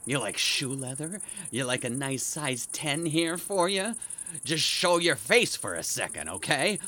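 An actor in an audio drama playing a sleepless, paranoid man obsessed with noises in the walls, swinging between muttering and yelling. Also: medium pitch, very animated, a little slow. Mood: menacing whisper. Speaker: actor in a one-man radio play.

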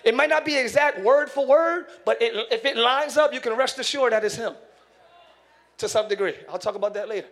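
A man pastor preaching a sermon in church, animated, acting out voices and shouting for emphasis. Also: very high-pitched, fairly quick. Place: church sanctuary.

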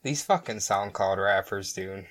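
A man's voice: low voice, measured pace, a bit bright. A male podcast co-host chatting casually with friends. He reads out strange news items with frequent laughter and loose, loose-edged delivery.

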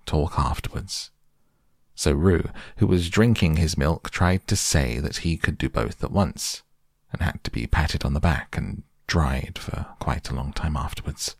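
A man narrating a children's storybook aloud in a gentle, unhurried storytelling manner. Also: a bass voice, creaky, slightly rough, dry recording, clean studio sound.

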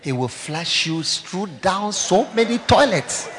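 A man delivers a sermon with high-pitched, animated, swooping delivery. His tone is bright and forceful, and he moves between thundering exclamations and quiet, pointed asides. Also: takes it slowly, slight background noise. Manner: dramatic, swings from loud exclamations to hushed asides. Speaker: pastor.

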